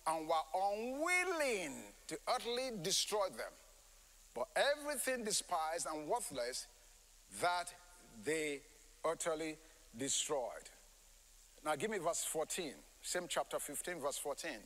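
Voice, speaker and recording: A man preaching a sermon, emphatic and animated, with many rhetorical questions. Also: on the high side, big-room sound, rough recording.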